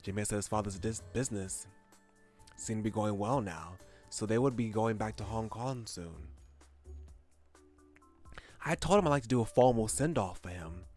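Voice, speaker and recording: Guy reading out a teen boy's story in his own slightly low voice, game music faint behind. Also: moderate pace, long pauses, close to an everyday voice. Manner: lively storytelling, exclaims at the gross parts. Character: young male high-schooler narrating his own story. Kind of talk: reading game text aloud as narration.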